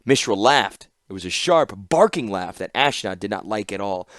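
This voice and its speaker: A man narrating an audiobook in an expressive storytelling style. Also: on the low side, moderate pace, hardly any pauses, dry recording, studio quality. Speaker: audiobook reader.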